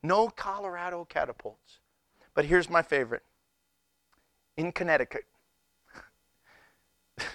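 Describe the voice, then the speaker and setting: Here a pastor whose voice sits on the high side tells stories in a comic sermon, unhurried and pausing often. His delivery is animated, with plenty of laughter and incredulous outbursts, and there's no echo.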